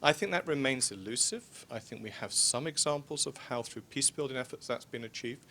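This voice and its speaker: A man making a measured, policy-minded comment from the floor of a forum. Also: mid-range voice, bright, forceful tone, a little hiss or hum. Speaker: audience member asking a question.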